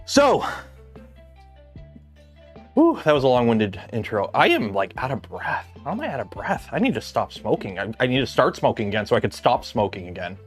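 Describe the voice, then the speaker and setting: A man hosting a casual livestream from his home garage, rambling with lots of filler words. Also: mid-range voice. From Canada. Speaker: livestream host.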